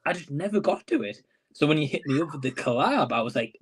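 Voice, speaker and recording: Lively, higher-voiced male guest. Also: brisk, husky. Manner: easygoing, enthusiastic, lots of fillers. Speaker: guest co-reviewer. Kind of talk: casual conversation.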